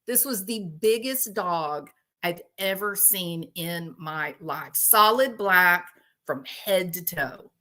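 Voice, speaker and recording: A woman hosting a casual chat with her viewers, telling animated stories and laughing often. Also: fairly low pitch, takes it slowly. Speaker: host.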